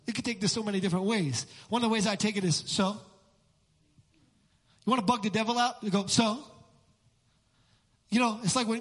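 A middle-aged man preaching a sermon as pastor, fervent and repetitive, building up to shouts. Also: high-pitched, breathy edge. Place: church sanctuary. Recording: long hall reverb in a church.

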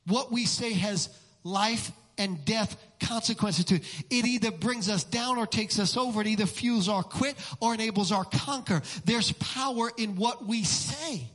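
Middle-aged male pastor, fervent sermon delivery, high and forceful tone, big echoing sanctuary. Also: unhurried. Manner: fervent, repetitive preaching that builds to shouts. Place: church sanctuary. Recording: long hall reverb in a church.

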